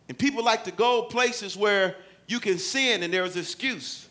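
A man preaching a sermon, swinging from loud, dramatic calls to quiet, low scripture reading. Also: a little slow.

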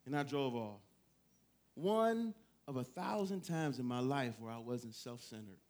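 A male pastor preaching a sermon in a church, telling a story with laughter and sudden bursts of near-shouting. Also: mid-range voice, lively intonation, unhurried. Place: church with a congregation.

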